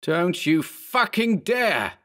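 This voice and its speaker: A frantic balding man in his thirties , as a male narrator voices him, yelling and cursing at a high, strained pitch. He sounds cornered and furious throughout this horror audiobook reading. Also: lively intonation, moderate pace, creaky, heavily acted. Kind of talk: audiobook character voice.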